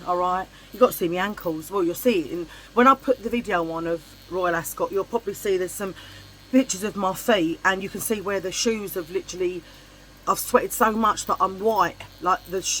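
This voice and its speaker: A middle-aged woman from England, talking straight to her viewers in a casual vlog. She tells her story in a chatty, blunt and animated way, with the odd swear word, and her voice sits at an ordinary middle pitch. There is a faint noise behind her. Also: rough recording. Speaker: vlogger. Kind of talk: casual storytelling chit chat.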